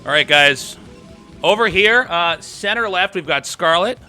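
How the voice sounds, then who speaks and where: A man's voice: fairly high pitch, normal speed, sharp tone, faint music behind. A man hosting a live game stream in a casual, chatty way, thanking subscribers and swearing now and then. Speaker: stream host and caster.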